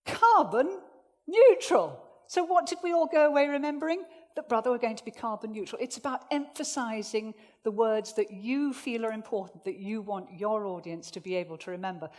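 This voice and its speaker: A woman running a presentation skills workshop for a live audience, jokey and lively, swinging her voice up and down to make her points. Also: fairly quick, hardly any pauses. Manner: lively, jokey, swings pitch widely for demonstration. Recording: echoey hall reverb.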